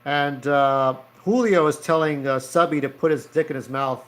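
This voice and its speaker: A man's voice: on the high side, moderate pace, a bit bright. A man casually narrating his own comic strip, rambling and profane, with lots of fillers. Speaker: comic creator. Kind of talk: casual storytelling over his drawings.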